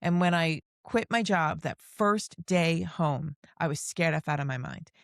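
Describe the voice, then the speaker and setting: With a low, gravelly voice and an unhurried pace, a middle-aged podcast host tells long personal stories in casual conversation. She sounds earnest, emotional and heartfelt. The studio sound is clean, with no echo.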